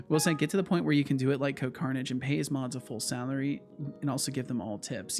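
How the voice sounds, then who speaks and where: A man's voice: medium pitch, fairly even intonation, fast talker, a little mellow, soft background music. A man from the United States chatting casually with his live-stream audience, rambling, repeating words and laughing often. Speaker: streamer and game developer.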